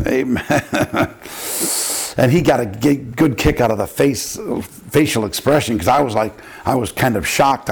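A man's voice: gravelly, breathy edge. An older man, a pastor, telling a story in a sermon and acting out the people in it with big jumps in his voice. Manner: animated preaching, acting out quotes with big pitch jumps.

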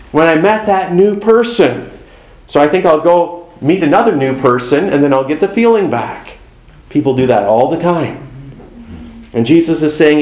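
A man's voice: high-pitched, a little mellow, roomy sound, poor audio. A man preaching a sermon in a conversational way, with folksy asides and acted-out exchanges. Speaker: pastor.

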